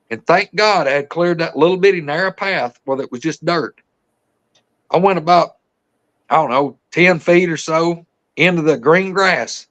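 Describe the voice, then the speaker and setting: A man, telling a story as a podcast guest in an excited, rambling way full of fillers. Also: high-pitched. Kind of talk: casual storytelling.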